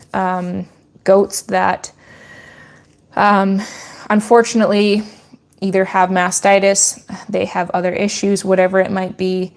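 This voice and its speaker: A woman's voice: lowish voice, darkish tone. A woman goat farmer speaking in an earnest, firm and opinionated way in a casual Q&A vlog.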